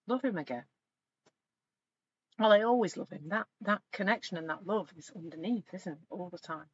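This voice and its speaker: Reflective middle-aged woman on a lo-fi call. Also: lowish voice. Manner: reflective, gentle, animated when retelling stories. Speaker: coach. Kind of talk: live online session talk. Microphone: video call. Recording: slightly dull lo-fi sound with faint noise.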